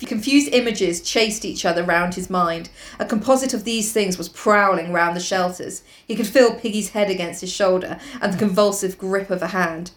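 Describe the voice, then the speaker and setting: A woman's voice: medium pitch, moderate pace, hardly any pauses. A woman co-hosting a casual podcast, reading a novel aloud between giggly asides. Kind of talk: casual chat with book reading. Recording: roomy echo.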